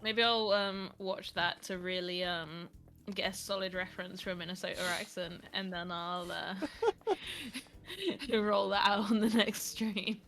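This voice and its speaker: A woman's voice: mid-range voice, fairly even intonation, unhurried, fairly bright tone. A young woman with a southern English accent touched by Manchester, chatting casually and giggling often while co-hosting a game stream. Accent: southern English, with a slight Manchester influence. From south of England. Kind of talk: casual chat while gaming.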